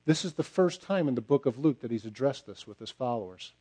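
Mellow-voiced man preaching a sermon. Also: mid-range voice, expressive, fairly quick, breathy edge. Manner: emphatic, repeats phrases and drops to a quiet close. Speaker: pastor.

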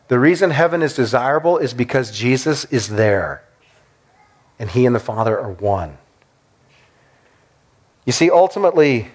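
A man, a pastor, preaching a sermon with emphatic, repeated declarations that build in intensity. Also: on the high side.

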